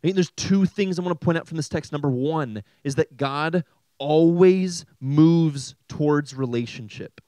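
Animated young man preaching to teens. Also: on the high side, normal speed, no room sound, poor audio. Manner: animated and jokey, asking the room questions. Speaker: youth pastor. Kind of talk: sermon.

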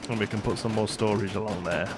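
A man's voice: fairly low pitch, fairly even intonation, quick pace, very noisy. A man hosting a let's play, chatting casually as he plays and talking to his game characters. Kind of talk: casual gameplay commentary. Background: faint game music.

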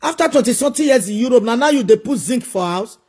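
A Nigerian-accented man, working as a social media commentator, scolds and preaches in a monologue packed with repeated rhetorical questions. His voice is extremely high-pitched, a little mellow and slightly rough, with lively intonation and a quick pace.

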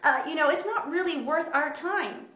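A woman with a high voice vlogs straight to her viewers, animated and indignant, stumbling through fillers and restarts. Her voice bounces around an echoey room. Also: normal speed. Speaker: vlogger. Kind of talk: casual direct-to-camera vlog.

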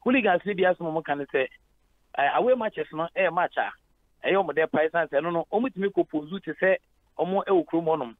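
Over a tinny phone connection with no echo, a Ghanaian-accented man with a fairly high voice speaks at a fairly quick clip. As head of sport phoning in to a radio program, he explains at length in Twi sprinkled with English.

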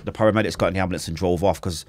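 A man with a Manchester accent tells his story as a podcast guest, rattling through it at high speed. His voice sits low, and the sound is dry and close with no room echo. He acts out quotes and gunshots and talks in street slang. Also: steady tone, very fast. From Manchester, England. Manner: street slang, swears oaths. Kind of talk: casual storytelling interview.

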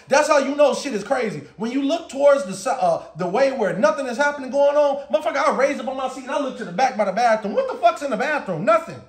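A man tells a storytime vlog tale in a profane, animated rant, often breaking into laughter. His voice sits high for a man. The room around him is echoey and roomy. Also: quick pace. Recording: roomy echo.

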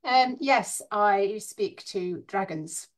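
A woman's voice: medium pitch, slow pace. A woman interviewed as a guest, speaking frankly and conversationally with a light laugh. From Scotland and northern Britain.

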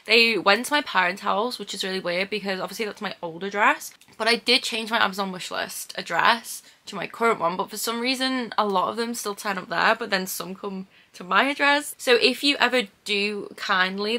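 A young woman vlogging casually about books, gushing and excitable, with lots of "like" and "oh my god". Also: medium pitch. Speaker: book vlogger. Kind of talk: casual vlog chat.

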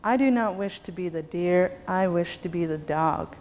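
A woman's voice: lowish voice, moderate pace, a little mellow, lightly acted. A woman voicing a frightened male creature who pleads and wails to be changed into something else. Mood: pleading. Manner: wailing, pleading cries. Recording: long reverb, faint background noise.

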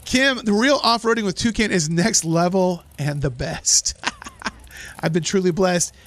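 Hoarse, excitable male streamer. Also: high-pitched, a little slow, no room sound. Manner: excitable, laughs often, reads chat aloud. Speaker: livestream host. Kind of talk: live gameplay commentary.

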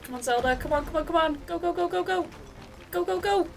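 A woman streaming a video game live, reacting in an excitable, giggly way and cheering the character on. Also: very high voice, quick pace, gravelly, faint music behind. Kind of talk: live gameplay commentary.

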